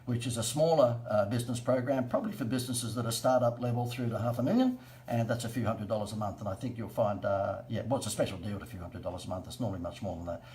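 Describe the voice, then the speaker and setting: A man's voice: lowish voice, quick pace, warm tone, rough recording. An Australian man hosting a casual live stream, coaching businesses on marketing in a chatty, joking, self-mocking way.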